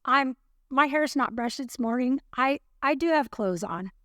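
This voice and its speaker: Woman, podcast co-host, high voice, dry close mic, lively storyteller. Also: measured pace, dry recording. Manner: animated storyteller, acts out voices. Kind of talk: casual chat, storytelling.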